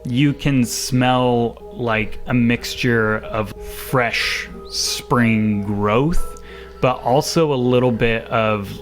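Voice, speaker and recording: A man's voice: mid-range voice, extremely slow, soft background music. A man narrating a tabletop game as game master, casual and full of fillers.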